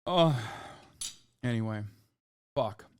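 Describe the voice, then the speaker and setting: Blunt, swearing male streamer with a smooth voice. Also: mid-range voice, expressive, takes it slowly, no room sound. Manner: blunt, swears freely, mocking asides to chat. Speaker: streamer reacting to videos. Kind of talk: casual profane commentary.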